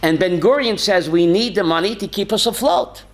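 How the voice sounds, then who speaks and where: A man, a rabbi teaching a lively Torah class, asking rhetorical questions and calling on students by name, often chuckling. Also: high-pitched, normal speed.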